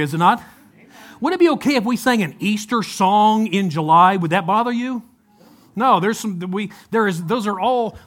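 A man delivers a Sunday sermon in a high voice. He talks loosely and conversationally. He keeps turning to the congregation with rhetorical questions. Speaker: pastor.

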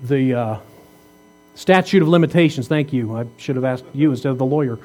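A man's voice: medium pitch, a little fast, dark tone, a little hiss or hum. A man in his fifties, a pastor preaching a sermon in a conversational way, asking rhetorical questions and teasing the congregation. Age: 50s. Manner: jokes and teases the congregation.

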